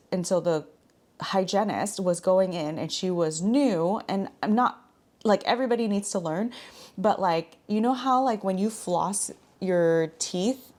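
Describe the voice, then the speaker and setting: A woman's voice: lowish voice, a little mellow. A woman in her thirties vlogging in a frank, chatty way, full of filler words. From Washington state. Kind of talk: casual chat.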